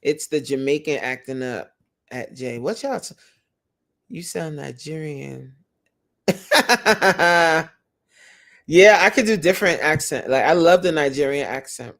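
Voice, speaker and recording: A woman's voice: low-pitched, lively intonation, slow, pauses often. A woman hosting a casual livestream, chatty, laughing often and reading viewer comments aloud. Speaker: livestream host and creator coach.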